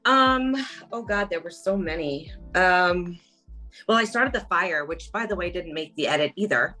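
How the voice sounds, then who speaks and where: A middle-aged woman talking as an interview guest, chatty and animated, packing her stories with "like". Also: lowish voice, normal speed, faint music behind, rough recording. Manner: chatty, animated storytelling, lots of "like". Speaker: interview guest, former reality show contestant. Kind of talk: casual interview chat.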